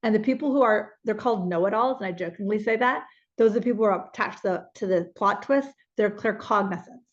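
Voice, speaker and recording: A woman spiritual teacher leading a slow guided visualization, then explaining it to an audience in the room and online. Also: medium pitch. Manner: slow soothing guidance, then lively teaching. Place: spiritual center hall with online viewers. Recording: dull lo-fi sound.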